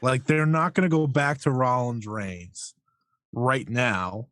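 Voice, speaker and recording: Male podcast co-host, unhurried delivery, dry close sound. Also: mid-range voice, steady tone, fairly bright tone, no room sound. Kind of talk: casual wrestling podcast chat.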